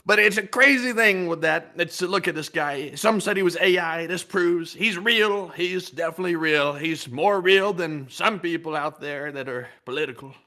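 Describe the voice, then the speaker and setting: A man's voice: a little high, normal speed, hardly any pauses, bright, forceful tone. A man on a live news stream, talking in a showy, exaggerated and repetitive style. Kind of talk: hyped mock-announcer banter.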